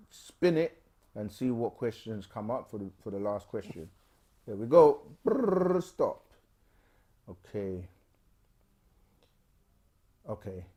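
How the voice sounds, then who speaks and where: A man hosting a live question-and-answer stream, explaining things in a loose, unhurried way with plenty of fillers. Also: on the low side, mellow. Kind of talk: casual explanatory talk.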